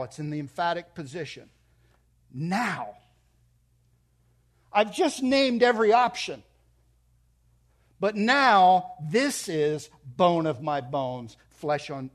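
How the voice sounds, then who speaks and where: Middle-aged man, pastor, sermon delivery, slightly high voice, dynamic and emphatic. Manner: expressive preaching, voice rising and dropping.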